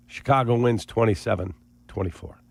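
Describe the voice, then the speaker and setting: A man's voice: lowish voice, fairly quick, creaky, no echo. A man co-hosting a sports radio show, rattling off game stats and scores in casual banter.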